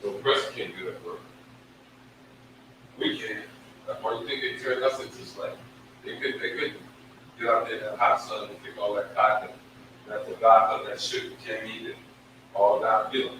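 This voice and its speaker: This religious teacher has a fairly low voice, delivered flatly at a moderate pace. His scripture lesson is emphatic and repetitive, each syllable drawn long, and it was recorded far off in a very echoey space with faint noise.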